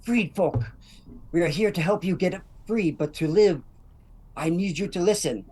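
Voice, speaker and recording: A short halfling woman speaks to a crowd of freed captives in an earnest, urgent voice. A woman gives her voice at her own natural pitch. She lowers her pace to press each instruction home. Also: expressive, moderate pace, dark tone, breathy edge. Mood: urgent, pleading.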